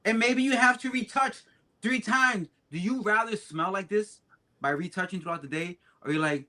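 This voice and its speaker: A man with a high, bright voice talks emphatically on a casual podcast. His level swings from loud to quiet as he drives a point home. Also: normal speed. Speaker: co-host. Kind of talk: casual chat.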